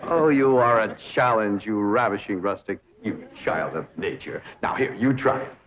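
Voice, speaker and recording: A man's voice: lowish voice, lively intonation, normal speed, background noise, close to an everyday voice. A man playing a pompous, theatrical young dandy. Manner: grandiose, theatrical, affected diction. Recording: dull lo-fi 1960s TV sound.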